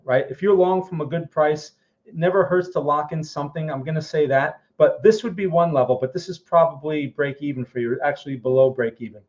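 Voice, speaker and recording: Commenting on charts during a live stream, a male market analyst with a New Jersey accent uses a somewhat high, darkish voice. The audio is lo-fi and a bit muffled, and his blunt, frank talk keeps ending in "right?".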